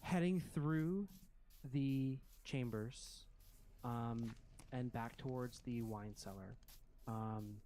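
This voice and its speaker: A man running a tabletop game as game master, narrating in a slow, halting way with many pauses. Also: mid-range voice. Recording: loud background noise.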